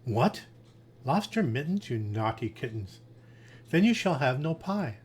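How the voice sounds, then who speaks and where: A man's voice: mid-range voice, big pitch swings, unhurried, a little mellow, husky. A man voicing a stern mother cat in a storybook reading, scolding her kittens.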